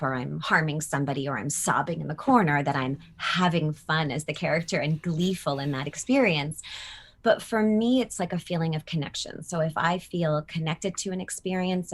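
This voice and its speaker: A woman voice actor chatting in an interview, animated and full of fillers and quoted asides. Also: sits low. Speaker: voice actor guest. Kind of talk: casual interview chat.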